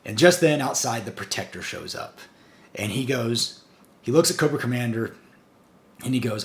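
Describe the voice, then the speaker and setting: A man hosting a review channel, retelling a comic's plot in a casual, excited way with frequent chuckles. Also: medium pitch, normal speed, long pauses.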